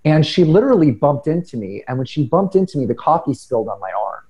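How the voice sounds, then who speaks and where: A middle-aged man telling personal stories in casual conversation, earnest and animated, often restarting his sentences. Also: on the high side, fast talker, low-quality recording. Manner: animated, earnest, self-deprecating with frequent restarts. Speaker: podcast guest speaker.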